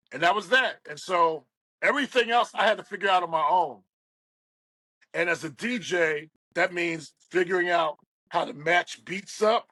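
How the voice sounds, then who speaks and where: A middle-aged radio DJ from West Virginia, appearing as a guest, tells stories in an animated way and acts out the voices of people he quotes. His voice sits high, in a dry, low-quality recording.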